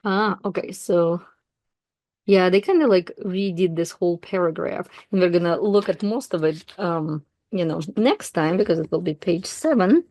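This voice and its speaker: Russian-speaking woman, language tutor, low mellow voice, dry close recording, relaxed and unscripted. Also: normal speed, no echo. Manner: relaxed, thinking aloud with fillers and self-corrections. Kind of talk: explaining a text while reading aloud.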